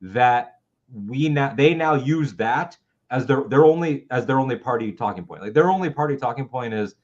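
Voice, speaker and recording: A man's voice: medium pitch, animated, normal speed, a little mellow, highs cut off. A man in his twenties co-hosting a live political talk show, ranting with heated, profane passion. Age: 20s. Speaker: co-host.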